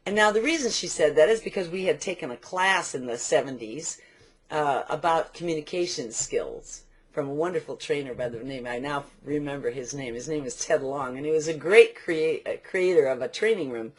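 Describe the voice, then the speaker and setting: An older woman giving a motivational business training talk, telling stories and slowing down to stress key points. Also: low voice, husky.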